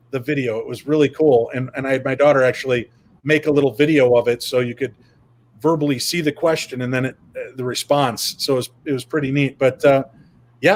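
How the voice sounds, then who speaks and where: A man guesting on an interview over a video call, telling stories in an animated, casual way. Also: mid-range voice. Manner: animated, retells events with quoted dialogue. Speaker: paranormal investigator guest.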